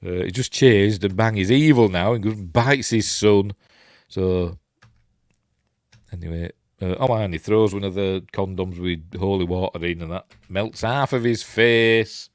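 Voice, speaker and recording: A Yorkshire man talks his way through a film scene by scene, in a rambling and hesitant way, full of ums and restarts. His voice sits fairly low, and it is recorded close and dry with no room sound. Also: a little slow, no echo. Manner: rambling, hesitant, many ums and self-corrections. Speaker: film reviewer. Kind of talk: casual film recap while watching.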